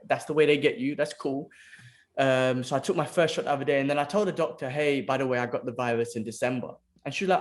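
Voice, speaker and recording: A man's voice: fairly high pitch, fast talker. A man, co-hosting a podcast in casual chat, telling stories animatedly and swearing freely. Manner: animated storyteller, swears casually, says "bro" a lot. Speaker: podcast co-host.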